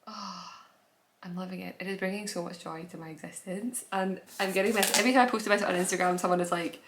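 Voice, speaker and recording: A woman's voice: on the low side, a little fast, background noise. Gushing woman hosting a chatty podcast. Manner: gushing, enthusiastic; chatty with trailing restarts. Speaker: podcast host. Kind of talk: casual chat.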